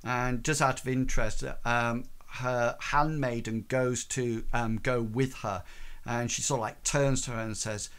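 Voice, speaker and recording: A man's voice: mid-range voice, steady tone, a bit bright, smooth. A man narrating a tabletop game as game master, hesitant and full of fillers. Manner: slow, halting, full of ums and sort-of-likes.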